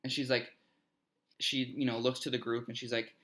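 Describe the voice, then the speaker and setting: Bright-voiced young man telling a story. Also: mid-range voice, little pitch movement, normal speed. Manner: rambling storyteller, swears freely, many "like"s. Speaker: podcast host. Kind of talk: casual chat.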